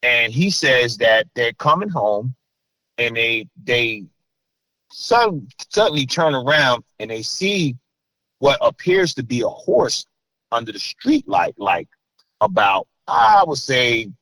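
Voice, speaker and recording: A middle-aged man from New Jersey tells his story as an interview guest. He talks in a mid-pitched voice and gets loud and animated when he acts out what others said. The sound is dry and close. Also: slow pace, dry recording, low-quality recording.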